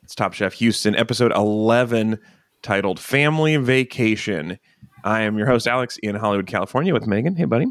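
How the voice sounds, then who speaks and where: A man's voice: lowish voice, expressive, a little fast, dry recording, studio quality. A man hosting a casual podcast, joking and rambling with fillers. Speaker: podcast host.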